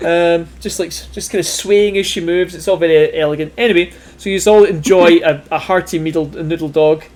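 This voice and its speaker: A man's voice: on the high side, steady tone, brisk, darkish tone. Laid-back man running a tabletop game. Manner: laid-back, rambling, with many fillers and laughs. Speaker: game master. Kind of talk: narrating a tabletop game on a livestream.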